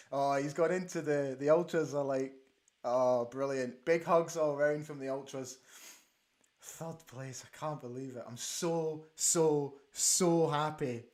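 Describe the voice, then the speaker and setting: Excitable man hosting a football watch-along. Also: on the high side, measured pace. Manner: excitable, exclaims and repeats himself. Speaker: host. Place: studio.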